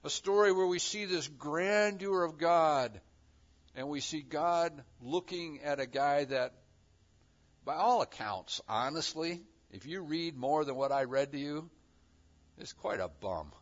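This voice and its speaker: A man preaching a sermon, acting out the voices of God and his listeners with lively emphasis. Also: on the high side, unhurried, highs cut off.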